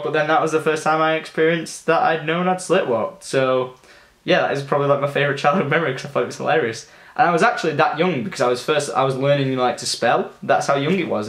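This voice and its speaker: A young man rambles through childhood stories as a gaming vlogger, loose and chatty with plenty of swearing. His voice sits at an ordinary middle pitch. The room echoes noticeably around him. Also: fairly bright tone. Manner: chatty, loose, swears freely, many fillers. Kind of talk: casual storytelling.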